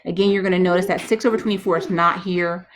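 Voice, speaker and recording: A woman's voice: lowish voice, fairly even intonation, fast, crowd noise. A woman math teacher talking herself through probability problems step by step, chatty and self-correcting. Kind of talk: thinking-aloud math walkthrough.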